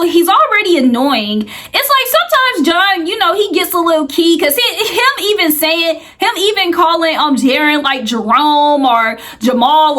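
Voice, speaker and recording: A woman's voice: sits high, a bit bright. A woman casually recapping a reality show, rambling and chatty with lots of filler words.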